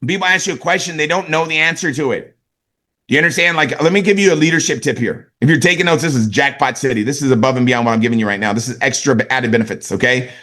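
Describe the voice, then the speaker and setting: A man giving an energetic motivational sales training, talking conversationally and often checking that his listeners follow him. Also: medium pitch, fast. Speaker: network marketing sales trainer.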